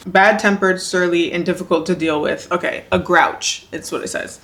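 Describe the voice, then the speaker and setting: A woman's voice: on the low side, animated, a little fast, hardly any pauses, fairly bright tone. A woman book vlogger talking casually and chatting on, gushing about what she reads with lots of fillers. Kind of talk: casual reading vlog chat.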